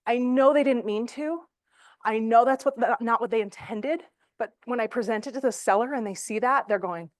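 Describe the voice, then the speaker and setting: A chatty middle-aged woman leading a real estate training class, her voice a touch high. She talks with animation and fills her pauses with ums. The sound is dry and close. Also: dry recording. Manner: chatty, animated, with frequent fillers and laughs.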